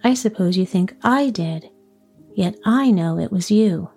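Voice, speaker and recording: A woman's voice: mid-range voice, creaky, darkish tone, husky, faint music behind. A woman voicing a hot-tempered little old man. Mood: grumbling. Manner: quick to anger.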